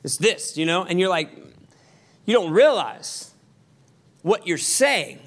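A man preaching a sermon as pastor, conversational with quick asides and emphatic repetition. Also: high-pitched, animated.

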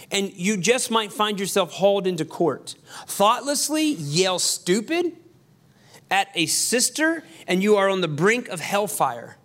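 High-voiced conversational male pastor. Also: a bit bright. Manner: conversational, quick asides, emphatic repetition. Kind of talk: sermon.

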